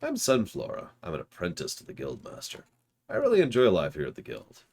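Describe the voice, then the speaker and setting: Man voicing a bubbly girl apprentice, excitable, gushing, lively swoops, game dialogue. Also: low voice, a little fast, exaggerated voice. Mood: excited. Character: cheerful young female flower apprentice, excitable. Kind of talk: game dialogue read aloud on stream.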